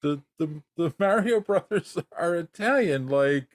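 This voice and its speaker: A man's voice: fairly high pitch, animated, measured pace, no room sound. Man, podcast co-host, casual chat, dry close sound, moves topics along. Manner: conversational, restarts, sets up topics.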